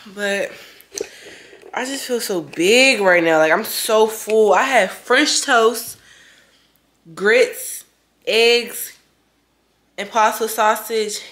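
Young woman, chatty vlogger, bubbly and excitable, mid-range voice. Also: mid-range voice. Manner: bubbly, chatty, exclaims a lot. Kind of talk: casual day-in-the-life vlog chat. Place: beauty store.

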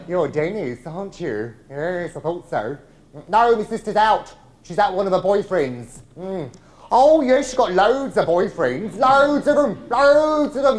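A man doing a camp gossipy lad. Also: high voice. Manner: camp, chatty and teasing, swooping emphatic delivery. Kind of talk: one-man stage show monologue. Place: large theatre before a live audience. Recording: live theatre recording with audience laughter.

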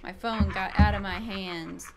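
A woman host giving casual, excitable let's play commentary, chatty and swearing freely. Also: medium pitch, a little slow, gravelly, over music. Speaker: gaming video host.

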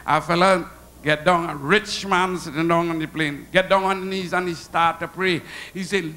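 Bright-voiced Trinidadian comedian. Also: male voice, high-pitched, normal speed. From Trinidad and Tobago. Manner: animated, laughs at his own jokes. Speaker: stand-up comedian. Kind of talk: stand-up comedy storytelling. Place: comedy show stage.

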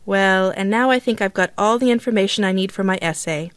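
A woman's voice: medium pitch, a little fast, no room sound, natural voice. A woman playing a daughter who politely asks her father questions for an essay in a scripted textbook dialogue. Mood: curious. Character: young daughter writing a school essay. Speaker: textbook audio actor.

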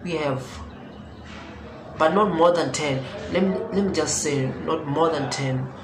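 Young dude rambling through a storytime vlog, slow, keeps repeating himself, echoey room, noisy background. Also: male voice, a little high. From South Africa. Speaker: vlogger.

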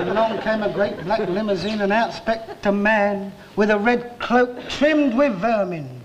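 A 1960s sitcom lead plays a small, hapless working-class man spinning a grand, rambling yarn in a very high, unhurried voice, slow and wide-eyed with comic mock-grandeur. The old TV recording is noisy, with roaring studio audience laughter.

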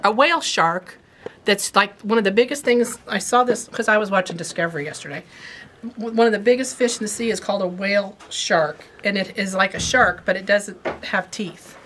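A chatty woman rambles through a quilt shop video in casual product talk, tossing in playful asides about fabrics and kits. Her voice is an everyday middle pitch with a fairly bright tone, and a faint hiss sits in the background.

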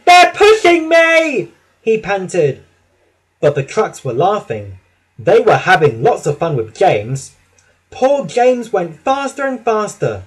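A man narrating a children's storybook, reading slowly and expressively. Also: high voice, a little mellow, slightly rough, poor audio.

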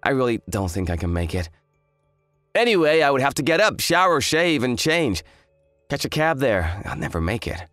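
A man's voice: medium pitch, sing-song, moderate pace, a bit bright, no echo, clean studio sound, soft background music. A man voicing an arrogant, hungover young fiancé who talks in a smug, dismissive drawl. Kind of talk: dramatized story voice acting.

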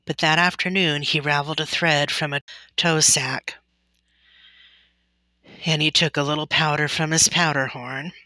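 A woman reading a classic children's novel aloud in a gentle, deliberate storytelling manner. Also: low-pitched, steady tone, dry recording. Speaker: storybook reader.

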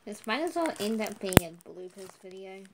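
Teasing female sidekick with lively intonation, recorded over audible noise. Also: mid-range voice, moderate pace. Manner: teasing, dry comebacks.

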